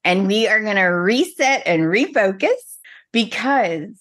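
A woman co-hosting a podcast chats casually and vents dramatically with playful energy. Her mid-range voice is expressive and a bit bright, and she keeps a measured pace.

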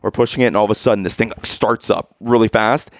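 A man's voice: fairly low pitch, fast talker, no echo, clean studio sound. A man casually telling a story on a podcast, acting out the people in it as he goes. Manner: animated storyteller, acts out quoted exchanges.

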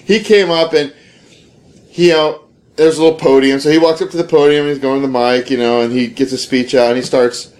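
A man's voice: mid-range voice, steady tone, a little fast, a little mellow. A young man casually telling a rambling story with lots of fillers, laughing often.

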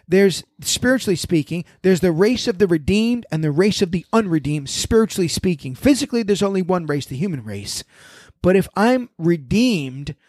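A man's voice: sits high, moderate pace, no echo. A man who is a pastor telling personal stories in a conversational panel discussion, acting out both sides of the exchanges he recounts. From United States. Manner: storytelling, animated, quoting exchanges.

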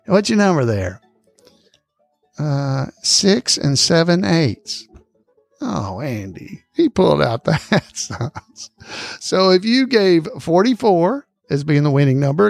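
A man hosting a casual podcast trivia quiz, reading each question slowly and repeating it, with frequent chuckles, on a close microphone. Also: fairly high pitch, gravelly, no room sound.

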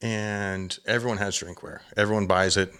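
A man's voice: fairly low pitch, moderate pace, smooth. A man, a podcast guest, chatting casually and getting worked up as he tells a hunting story. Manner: lively storyteller, gets worked up telling a hunt. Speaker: guest, hunter and drinkware entrepreneur.

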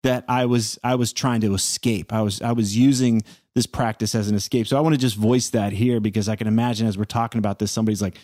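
A man's voice: lowish voice, fairly even intonation, quick pace, few pauses, a little mellow, no echo. Thoughtful man hosting, dry sound. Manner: thoughtful, repeats words while searching for phrasing. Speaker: podcast host. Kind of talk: conversational interview.

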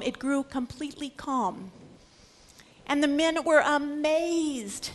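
A woman's voice: high voice, takes it slowly. A middle-aged woman teaching a Bible lecture, earnest and emphatic. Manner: earnest, acts out scripture quotes with emphasis. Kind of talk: religious lecture.

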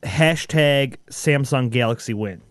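A man's voice: mid-range voice, slow, dry recording, clean studio sound. A man co-hosting a gaming podcast, easygoing and teasing in casual chat. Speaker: podcast co-host.

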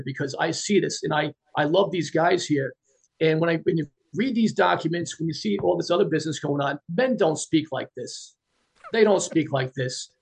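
A man's voice: a little high, gravelly, a little mellow, slightly rough. A man who is a retired police officer, talking as a guest in an earnest, plain-spoken way. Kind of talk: casual interview talk.

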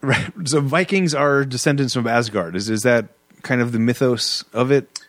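A man hosting a casual movie podcast, talking in halting bursts with many restarts and frequent laughs. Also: mid-range voice, a bit bright, no echo. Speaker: podcast host. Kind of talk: casual movie review chat.

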